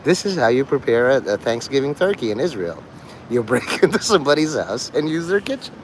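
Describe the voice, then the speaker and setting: A man's voice: medium pitch, sing-song, brisk, slight background noise. A man rambling to his livestream chat, swearing, joking and laughing often.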